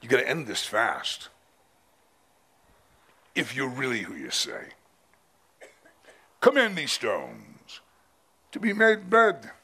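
A man preaching who voices a patronizing male fallen angel, talking down in a soft, mocking, condescending way. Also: medium pitch, huge pitch swings, takes it slowly, long pauses, breathy edge, heavily acted.

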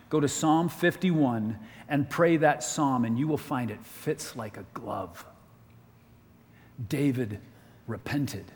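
Man, preacher, sermon, emphatic, slightly high-pitched, long hall reverb. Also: darkish tone. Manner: emphatic, slows and lifts voice to drive points home. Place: large conference hall.

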